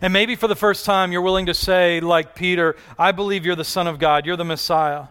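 Guy preaching a sermon, high clear voice, earnest, asks the crowd questions over and over. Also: steady tone, fairly quick, fairly bright tone. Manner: earnest, rising and falling preaching with repeated questions. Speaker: pastor.

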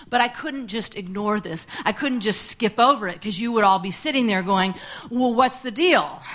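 A woman pastor giving a sermon, teaching in a measured way, stressing key words and checking in with "right?". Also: on the high side, a bit bright.

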